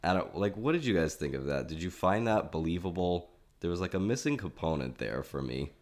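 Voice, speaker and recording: Very deep-voiced man discussing films. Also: animated, brisk, a little mellow. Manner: analytical, leading the discussion. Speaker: film podcast co-host. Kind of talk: casual chat.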